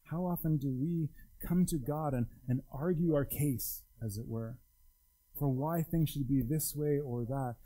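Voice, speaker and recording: A man's voice: unhurried, warm tone, poor audio. A man preaching a sermon in a conversational, emphatic way, his voice rising and dropping widely. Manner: conversational, emphatic, wide pitch swings. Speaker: pastor.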